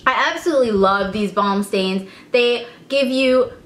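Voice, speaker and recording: A chatty, enthusiastic woman with a slightly high voice talks casually through a beauty product review. Her voice bounces around an echoey room at home. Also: measured pace, fairly bright tone. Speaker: beauty vlogger.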